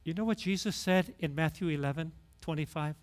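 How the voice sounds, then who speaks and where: A middle-aged male pastor giving a conversational sermon, sinking to hushed low tones and rising to loud emphasis. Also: brisk.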